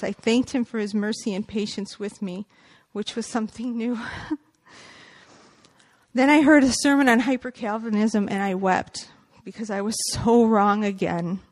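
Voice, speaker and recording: A woman's voice: fairly high pitch, darkish tone. A woman giving a personal faith testimony, earnest and reflective, partly reading aloud and quoting scripture.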